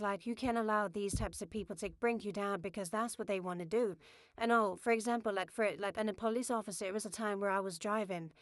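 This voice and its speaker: A woman's voice: medium pitch, dry recording. Rambling woman giving spiritual advice, dry sound. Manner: rambling, conversational, many fillers. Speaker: spiritual podcast host. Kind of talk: casual spiritual advice monologue.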